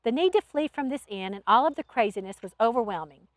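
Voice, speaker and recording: A woman author reading her own novel aloud in an expressive storytelling manner. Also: fairly high pitch, fast, no room sound. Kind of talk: audiobook narration.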